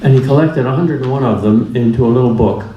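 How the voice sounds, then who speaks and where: A man's voice: medium pitch, fast, muffled recording, a little hiss or hum. A man giving a public lecture in a plainspoken, humorous way, driving points home through repetition. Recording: echoey room with faint ambience.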